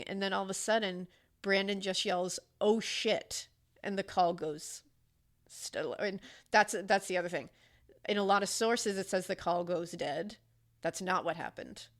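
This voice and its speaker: Casual podcast woman telling a true crime case, acts out the quotes, swears a lot. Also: medium pitch.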